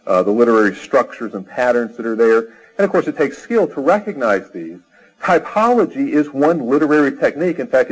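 A man lectures on scripture at a middle pitch, his voice a little husky and breathy. He explains points step by step, reads long quoted passages aloud and often restarts his phrases. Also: poor audio. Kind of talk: theology lecture.

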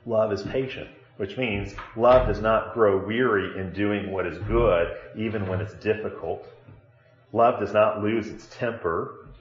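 A man with a low voice teaches a Bible lesson in a classroom and keeps asking his students questions. The room is echoey and the recording sounds dull and lo-fi. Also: fairly even intonation, measured pace. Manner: conversational, asks the class questions.

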